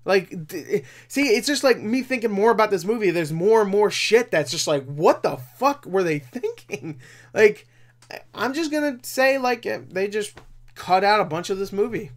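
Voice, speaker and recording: A man's voice: high voice, lively intonation, moderate pace. A man giving a casual movie review, rambling with lots of fillers and profane, exasperated outbursts.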